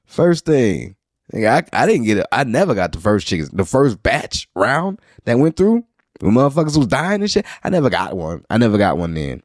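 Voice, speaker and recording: A man's voice: mid-range voice, big pitch swings, a little fast, dry recording, clean studio sound. A man from New Orleans hosting a podcast, rambling through a casual solo monologue with wry, profane asides. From New Orleans, Louisiana. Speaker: podcast host.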